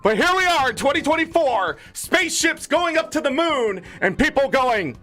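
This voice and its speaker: A man's voice: extremely high pitch, big pitch swings, moderate pace, few pauses, bright, forceful tone, faint music behind. A man streaming a game, ranting in an angry, profane, heated way. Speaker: gaming streamer. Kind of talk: ranting commentary over a game.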